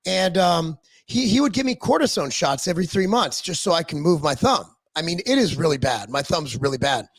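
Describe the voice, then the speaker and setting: Animated, high-voiced man ranting casually. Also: brisk, hardly any pauses. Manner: profane, animated storytelling. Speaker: podcast co-host; business owner. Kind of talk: casual chat.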